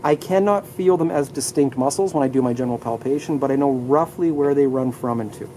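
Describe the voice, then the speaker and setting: A man's voice: medium pitch, brisk, dark tone, slight background noise, low-quality recording. A man teaching anatomy in a live classroom lecture, upbeat, leading students through muscle names and asking them to repeat terms aloud. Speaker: anatomy instructor.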